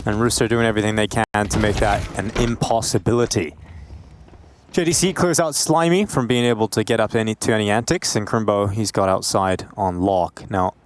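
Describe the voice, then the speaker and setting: A man casting a live esports match, excitable and jokey, often laughing between plays. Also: lowish voice, brisk, slight background noise. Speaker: esports caster. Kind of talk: live play-by-play commentary.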